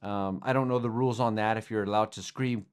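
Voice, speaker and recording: A young man hosts a podcast, rambling casually through sports news with plenty of fillers and restarts. His voice is fairly low and steady, brisk, with a clean tone.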